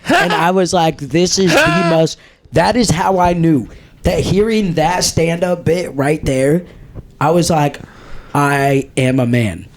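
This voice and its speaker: A man's voice: on the high side, measured pace. A young man co-hosting a podcast, talking bluntly and jokingly, swearing often. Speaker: podcast co-host. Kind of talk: casual chat.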